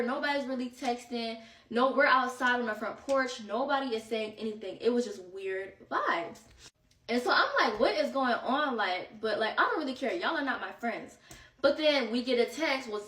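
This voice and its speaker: A woman with a slightly high voice tells a chaotic trip story in a loose, slangy storytime style, sounding exasperated and a little out of breath. She is recorded in an echoey room with the mic set some way off. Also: distant mic. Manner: animated, slangy, exasperated retelling. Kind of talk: casual storytime.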